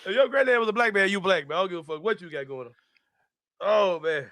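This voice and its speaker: High bright-voiced laughing man. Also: expressive, quick pace, no echo. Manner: loud, laughing storyteller, profane. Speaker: podcast host. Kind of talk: casual sports-show chat.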